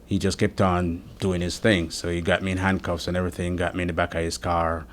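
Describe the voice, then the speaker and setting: A man earnestly recounting an incident in a steady first-person account, giving testimony as an interviewee. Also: deep voice, brisk, slight background noise. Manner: earnest, steady retelling with frequent quoted dialogue.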